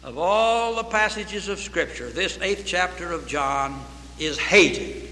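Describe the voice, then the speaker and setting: A man's voice: high-pitched, lively intonation, slow, sharp tone, slight background noise. A man preaching a sermon with fervor, repeating phrases and quoting scripture in old English. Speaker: pastor. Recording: reverberant hall.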